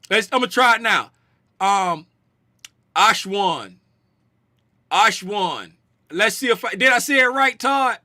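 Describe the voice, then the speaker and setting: A man's voice: high-pitched, sharp tone, dry recording, studio quality. A man hosting a casual livestream, joking around and greeting chat viewers by name. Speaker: livestream host and trading educator.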